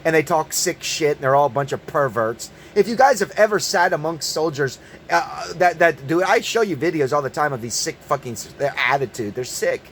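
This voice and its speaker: Angry ranting man, fairly high voice. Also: lively intonation, a little fast, fairly bright tone, a little hiss or hum. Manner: angry, profane, emphatic; repeats words in bursts. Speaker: online commentator. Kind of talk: ranting monologue.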